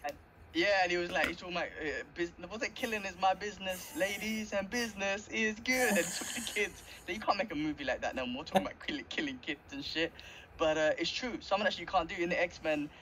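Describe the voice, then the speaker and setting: A man co-hosting a podcast talks fast in a fairly high voice, laughing often as he chats animatedly about cartoons. Crowd noise can be heard, and the recording is slightly dull with faint background noise.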